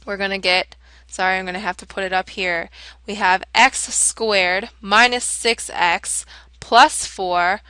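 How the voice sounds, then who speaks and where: A woman's voice: mid-range voice, fairly even intonation, a little slow, sharp tone, smooth, dry recording. A woman teaching a calculus lesson, explaining each step in a casual, chatty way and correcting herself as she goes. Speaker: math teacher. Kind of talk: whiteboard lesson walkthrough.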